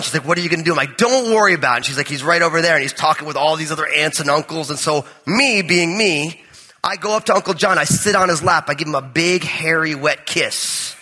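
A high, bright male pastor from New with a husky edge, preaching in a conversational, joking storyteller's manner. His voice rings out with a long reverb in a large church hall. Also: brisk. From New Jersey. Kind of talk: sermon with personal storytelling.

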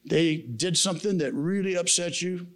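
A man's voice: high voice, normal speed, fairly bright tone. A man giving a sermon at a men's camp, telling a personal story in a casual, slangy way. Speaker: camp speaker. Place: camp meeting room.

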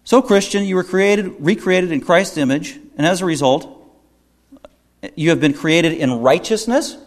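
A man preaching a sermon as pastor, emphatic, with repeated phrases and pointed questions to the congregation. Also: a little slow. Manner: emphatic preaching with wide swings in pitch and loudness, repeated phrases.

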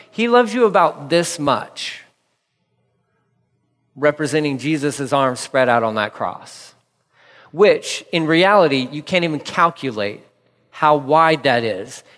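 A man preaching a sermon as a pastor, emphatic and repeating key lines, slowing down when he reads scripture. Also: fairly high pitch, a bit bright. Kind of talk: radio sermon. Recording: long hall reverb.

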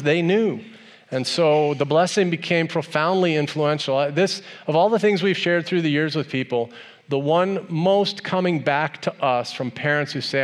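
Conversational middle-aged male preacher. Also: on the high side. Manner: warm, conversational, softens and grows emotional when speaking of family. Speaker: pastor. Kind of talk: sermon.

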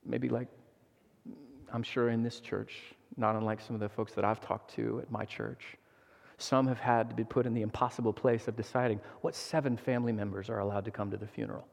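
A man in his thirties preaching a sermon as a guest pastor, earnest and animated as he tells stories, often restarting his sentences. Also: fairly low pitch, a little fast, creaky, long reverb tail.

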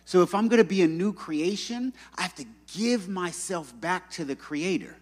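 A man's voice: sits high, moderate pace. A man preaching a sermon in a church, in a conversational, joking storyteller manner. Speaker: pastor. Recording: long reverb in a hall.

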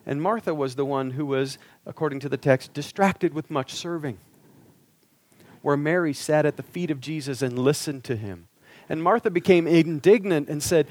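A man's voice: on the high side, normal speed, darkish tone, dry recording. A male preacher giving an earnest sermon, pressing the listeners with rhetorical questions.

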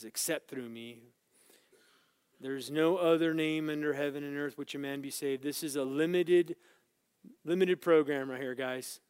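A man teaching a Bible lesson as a sermon, swinging between loud, emphatic scripture reading and quiet, casual asides to his listeners. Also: mid-range voice, clean tone, no echo, studio quality. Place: church room with small group.

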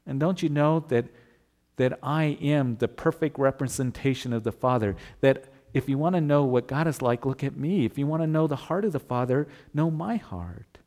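A man voicing a gentle, patient male teacher who speaks softly with a slightly disappointed tone. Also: medium pitch, normal speed, lightly acted. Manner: soft, gentle, pleading.

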